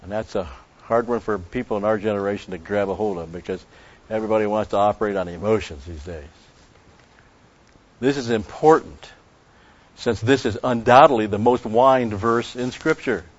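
A man teaching the Bible in an expository sermon, emphatic, repeating key phrases and slowing down on Greek words. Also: lowish voice. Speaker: preacher. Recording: dull lo-fi recording.

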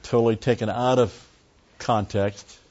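A man's voice: fairly low pitch, fairly even intonation, a little slow, darkish tone. A man teaching a Bible study, explaining words closely and driving points home with emphatic repetition. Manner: emphatic, repeats key phrases. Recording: dull lo-fi recording.

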